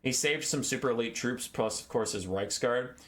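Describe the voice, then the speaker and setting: A man giving a casual video game lore recap as host, irreverent and profane, wandering off topic, with big swings in pitch. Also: moderate pace, a bit bright.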